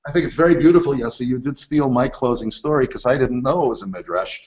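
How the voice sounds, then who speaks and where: A man's voice: medium pitch, fast talker, low-quality recording. An older man, a university president, talking as a guest and telling stories that build to emphatic declarations. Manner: warm-hearted preacherly delivery, building to emphatic declarations. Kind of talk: conversational storytelling.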